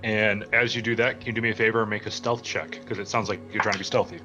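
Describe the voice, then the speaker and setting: A man's voice: on the low side, little pitch movement, fast, highs cut off, music in the background. A man running a tabletop roleplaying game as dungeon master, casual and dryly teasing, often laughing.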